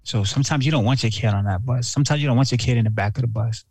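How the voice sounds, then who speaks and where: A man's voice: medium pitch, racing, gravelly, darkish tone, breathy edge, no echo. A man co-hosting a casual podcast, talking in a laid-back, slangy way. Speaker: podcast co-host.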